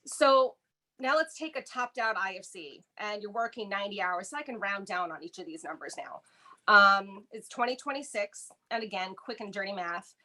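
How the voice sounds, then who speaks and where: A woman presents contract math to union members, taking each figure in turn. Her voice is bright and forceful, and she stays steady and methodical. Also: medium pitch. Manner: methodical, talks through figures step by step. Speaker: union negotiating team presenter. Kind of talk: explanatory walkthrough of contract math.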